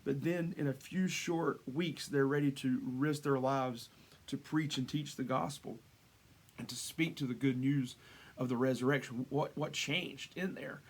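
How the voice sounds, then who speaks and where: A man's voice: mid-range voice, steady tone, a little slow. Conversational man preaching a casual sermon. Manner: conversational, many restarts and asides. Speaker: pastor.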